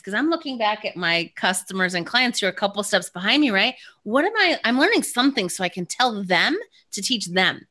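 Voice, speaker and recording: A woman's voice: a little high, expressive, fairly quick, sharp tone. A woman hosting a podcast, chatting upbeat and sharing her own stories. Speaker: podcast host. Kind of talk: conversational interview.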